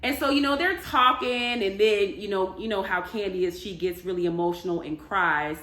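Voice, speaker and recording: A woman recapping a reality show in a casual, animated, chatty way, with emphatic storytelling. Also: medium pitch, normal speed. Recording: echoey room.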